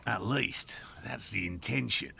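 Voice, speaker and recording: A man with an Australian accent voicing a careful scientist in a video game, speaking in a measured, precise way. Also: lowish voice, creaky, bright, forceful tone, a little hiss or hum, full character voice. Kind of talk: game voice acting.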